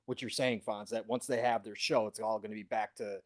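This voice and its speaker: A man's voice: lowish voice, fairly even intonation, brisk. A man hosting a casual gaming podcast, making reasoned points and often checking for agreement. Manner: reasoned, seeks agreement with 'right?'. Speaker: podcast host.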